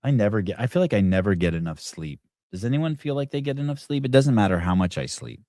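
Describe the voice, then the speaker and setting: A middle-aged man with a fairly low voice hosts a casual morning talk show. He rambles and often restarts his sentences. The sound is dry and close, with no room around it. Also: animated, fast talker, no room sound. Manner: rambling, restarts often, shouts quoted yells. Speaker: podcast host.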